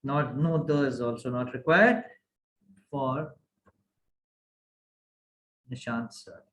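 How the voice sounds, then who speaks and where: A man's voice: mid-range voice, slow. A man teaching a grammar class online, often checking that the class follows. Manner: animated, asks the class many checking questions. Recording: echoey room.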